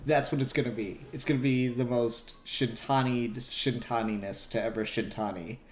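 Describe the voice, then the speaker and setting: A man's voice: mid-range voice, fairly even intonation, moderate pace. A man chatting casually on a podcast, rambling and laughing at his own jokes. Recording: roomy echo, faint hiss.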